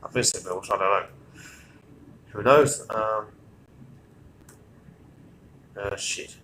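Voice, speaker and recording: A man's voice: fairly low pitch, slow pace, bright, forceful tone, a little hiss or hum, low-quality recording. A man hosting a live stream, talking casually in an offhand, distracted way while he makes tea. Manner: offhand, distracted, talks while doing chores. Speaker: stream host.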